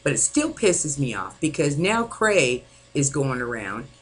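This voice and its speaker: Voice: medium pitch, big pitch swings, unhurried, fairly bright tone, husky, low-quality recording. A distraught vlogger venting angrily to camera, swearing often and rambling with many fillers. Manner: angry, frequent swearing. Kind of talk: venting personal monologue.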